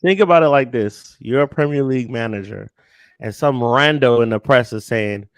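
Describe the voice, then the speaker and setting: A man's voice: mid-range voice, moderate pace, clean tone, dry recording. Blunt man talking football, dry sound. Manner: blunt, conversational, hypotheticals to the listener. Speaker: co-host. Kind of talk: casual sports talk.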